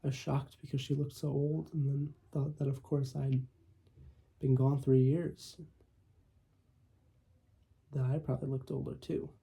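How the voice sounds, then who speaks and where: A man reading a first-person short story aloud in a measured way, with small slips. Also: mid-range voice, flat delivery, vocal fry, warm tone, husky. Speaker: audiobook reader.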